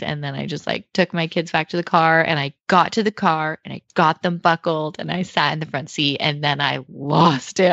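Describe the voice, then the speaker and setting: Woman, 30s, low voice with vocal fry, casually and emotionally recounting a story with lots of fillers. Dry, lo-fi sound. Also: dry recording. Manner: heavy use of fillers like "like" and "you know"; emotional, animated retelling. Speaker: mother telling a personal story. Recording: dull lo-fi dry recording.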